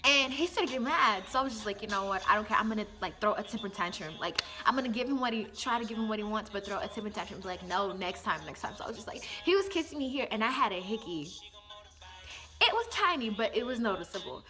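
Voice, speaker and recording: A young woman casually telling a personal story to camera, chatty and animated, acting out what people said. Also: medium pitch, fast, music in the background.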